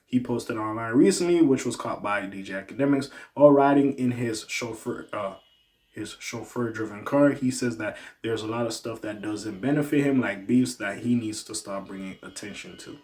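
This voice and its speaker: A man hosting a casual hip-hop news commentary, animated, swinging between loud outbursts and low muttered asides. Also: moderate pace. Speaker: commentary channel host.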